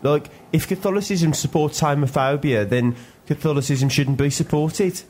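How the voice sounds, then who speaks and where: A man's voice: on the high side, moderate pace, darkish tone, a little hiss or hum, voice pushed up, close to an everyday voice. A man playing an earnest studio audience member asking a question in a comedy sketch.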